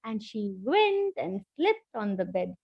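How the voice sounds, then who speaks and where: A middle-aged woman with an Indian English accent, a former teacher reading a children's story aloud in an expressive, animated way over a video call. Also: medium pitch, slow pace, vocal fry, breathy edge, dry recording. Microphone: laptop mic on video call. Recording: dull, dry video call audio.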